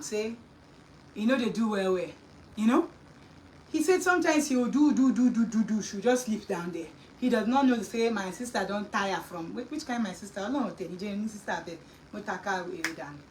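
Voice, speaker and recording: A woman host with a Nigerian accent telling a story in a lively, scolding chat, slipping into Pidgin and Yoruba. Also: mid-range voice, a little fast, far from the mic, a little hiss or hum, low-quality recording. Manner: animated, mixing Pidgin and Yoruba, scolding asides.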